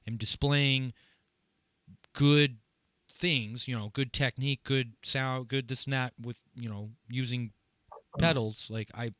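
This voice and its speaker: A man hosting a podcast about drumming, talking casually and rambling in long, halting sentences. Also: mid-range voice, fairly even intonation, fairly bright tone, dry recording. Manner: rambling, full of fillers and restarts. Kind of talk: casual interview chat.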